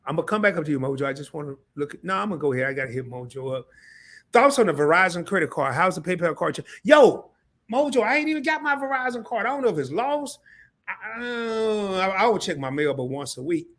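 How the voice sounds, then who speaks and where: Excitable man hosting a live stream. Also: a little high, fast. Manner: excitable, talks straight to the chat; repeats himself, restarts often. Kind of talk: casual live stream chat.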